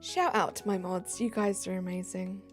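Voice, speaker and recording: A tired British woman chatting casually on a live stream, giggly, reading chat aloud and dropping into soft asides. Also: on the low side, steady tone, normal speed, soft background music.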